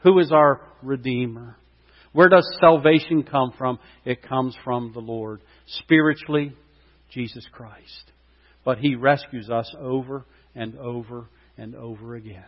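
A man pastor preaching a sermon, impassioned and swelling loud at key points. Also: mid-range voice, unhurried. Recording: long hall reverb, dull lo-fi sound.

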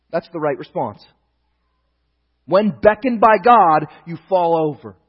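Emphatic high-voiced preacher in a reverberant hall. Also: male voice. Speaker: pastor. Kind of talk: sermon. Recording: dull lo-fi sound with long reverb.

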